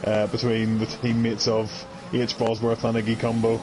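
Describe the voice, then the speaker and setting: A man giving casual live commentary on an online sim race, chatty and quick to laugh. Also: fairly low pitch, completely flat delivery, noisy background. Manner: chatty, laughs often, reads out viewer comments.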